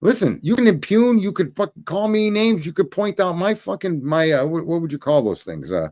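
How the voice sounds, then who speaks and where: A man's voice: fairly high pitch, big pitch swings, a little fast, hardly any pauses, darkish tone. A man hosting a livestream, ranting profanely and scolding his chat commenters in casual commentary. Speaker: livestream host.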